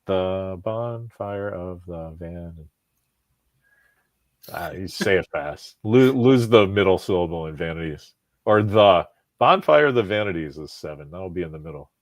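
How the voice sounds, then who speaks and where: A man hosting a podcast, talking in a rambling, profane, animated way with lots of restarts. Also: low voice, moderate pace, no room sound. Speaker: podcast host. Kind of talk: casual chat.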